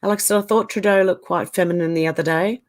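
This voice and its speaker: A middle-aged woman hosts a livestream in a casual chat, reading out viewer comments and reacting to each one with quick opinions. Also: on the low side, fairly even intonation. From Australia. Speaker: livestream host.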